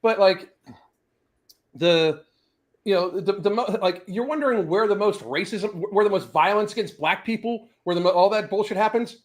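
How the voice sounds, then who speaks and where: A man's voice: sits high, normal speed. A man from the South, hosting a casual podcast and ranting with heavy profanity. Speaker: podcast host. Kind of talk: casual rant chat.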